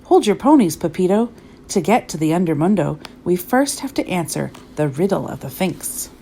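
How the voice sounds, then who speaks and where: A woman's voice: fairly low pitch, sing-song, moderate pace, dark tone, slight background noise. A woman voicing a bossy little chihuahua who leads the pack. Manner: bossy, commanding. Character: biggest small chihuahua, bossy leader.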